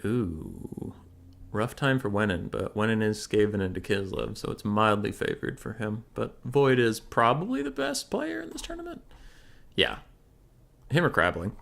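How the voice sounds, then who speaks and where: Young guy casting a strategy game tourney on stream, talks fast and loose, reads chat and riffs. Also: lowish voice, gravelly. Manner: chatty, answers chat questions aloud. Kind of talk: casual livestream game commentary.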